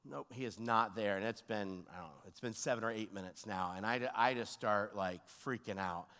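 A man preaching as a guest pastor, telling a story and acting out the voices, dropping to a hush and then rising to loud cries. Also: fairly low pitch, normal speed, clear, resonant tone. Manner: animated, acts out voices, swings between hushed and shouting. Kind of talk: storytelling sermon. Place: large church hall. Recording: long hall reverb.

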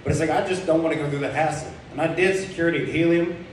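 A man's voice: a little high, steady tone, racing, a little hiss or hum. A young man doing a stand-up comedy set, rambling and crude, full of fillers and self-deprecating asides. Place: comedy club stage. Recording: very echoey club room heard from far off.

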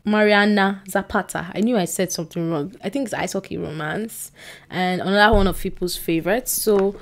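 A young woman, chatting casually to camera at home, rambling with excited bursts and quiet trailing asides. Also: lowish voice, fairly quick. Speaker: book vlogger. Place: indoors at home by a bookshelf. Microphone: on-camera mic.

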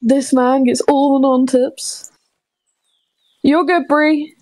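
A woman's voice: sits high, steady tone, slow, darkish tone, no room sound. A woman gaming streamer chatting casually with a guest, teasing and laughing often. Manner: giggly, teasing banter.

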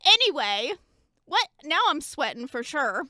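A young woman streams casually, giggling and chatting with her chat while changing onesies, a little out of breath. Her high, bright voice swings widely in pitch, unhurried and forceful, with no echo.

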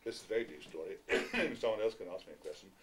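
An older man spins wry, self-mocking stories with a theatrical flair, his pitch rising and falling in lively swoops. He is caught from a distance on an amateur recording, with a faint hiss underneath. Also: fast. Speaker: guest actor answering fans. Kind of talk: anecdotal storytelling. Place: small packed venue, indoors.

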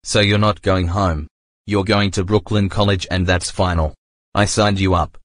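A man plays a bossy, strict cartoon man who barks orders and threats. His voice is very low. The sound is dry and close. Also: flat delivery, normal speed, dry recording, natural voice, rough recording. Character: bossy strict man who keeps signing the horse up for school. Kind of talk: homemade cartoon voice acting.

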